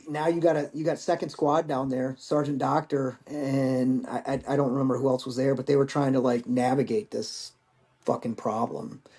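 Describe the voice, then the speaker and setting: Vet guy in his 40s rambling thru old stories, kinda high voice, mellow, swears a lot. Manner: candid, rambling, swears casually. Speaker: podcast guest, Marine veteran. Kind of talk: casual storytelling.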